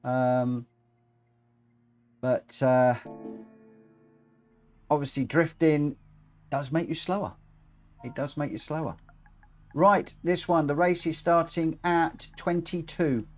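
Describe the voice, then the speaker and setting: A man's voice: fairly high pitch, slow, long pauses, soft background music. A man hosting a live racing game stream, chatting casually and self-mockingly as he reads out chat. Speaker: livestream host running online racing lobbies.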